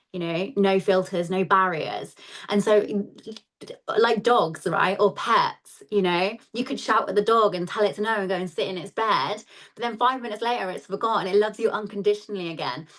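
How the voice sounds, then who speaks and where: A woman hosting a spiritual lesson, talking in a chatty, conversational way and often checking in with "right?". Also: mid-range voice. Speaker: host of a spiritual lesson series. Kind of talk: casual spoken teaching.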